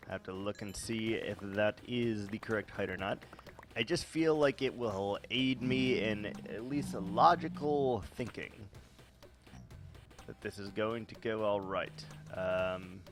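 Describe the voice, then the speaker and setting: A man's voice: fairly low pitch, a little slow, soft background music. A man doing unedited commentary over his Minecraft gameplay, thinking aloud with many fillers. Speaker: Minecraft let's-play host.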